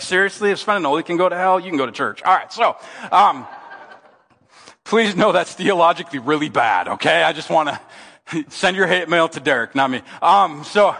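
A man preaching as pastor, telling a joke in an animated, playful way before his sermon. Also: fairly high pitch, in a large hall. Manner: joking, animated storyteller. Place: church sanctuary.

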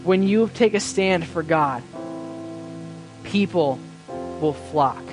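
A man preaching a sermon as pastor, impassioned, swinging between loud pleading and hushed quiet lines. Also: fairly high pitch, lively intonation, slow, over music.

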